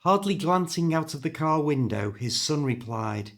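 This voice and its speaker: A man with a British accent reading a story aloud for English learners, clear and expressive. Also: a little high, normal speed. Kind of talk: scripted story narration.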